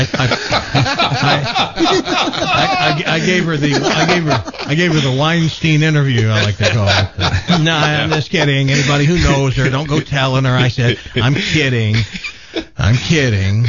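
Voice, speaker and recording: Animated male radio host telling stories. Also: mid-range voice, dull audio, very noisy. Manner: animated, laughing storyteller with restarts. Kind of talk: casual radio talk, storytelling. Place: radio studio. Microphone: studio mic with headphones.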